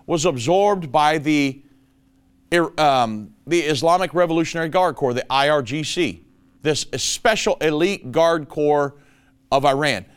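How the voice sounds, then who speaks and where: A man's voice: fairly high pitch, smooth. A man hosting a prophecy commentary show, talking emphatically and calling his listeners folks. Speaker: show host.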